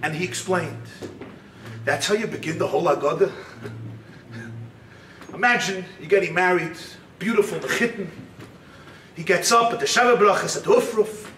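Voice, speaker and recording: A male rabbi lectures with animated humor, his voice sitting unusually high. The recording is roomy and distant with a faint background hiss. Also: moderate pace, long pauses. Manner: animated, joking, mixing Yiddish and Hebrew terms. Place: retreat lecture hall. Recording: echoey hall, distant mic, faint hiss.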